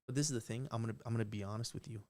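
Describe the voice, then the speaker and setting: A man's voice: fairly low pitch, racing, dark tone. A man talking live on a stream, rambling and emphatic, swearing often and restarting his sentences. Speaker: livestream host. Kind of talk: unscripted live stream rant.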